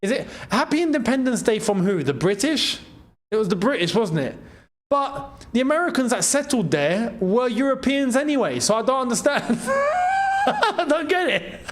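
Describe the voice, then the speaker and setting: Animated young man reacting to a match. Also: very high voice, moderate pace. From Algeria. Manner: excitable, laughs often, reads chat aloud. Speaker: football watchalong host. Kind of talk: live match watchalong commentary.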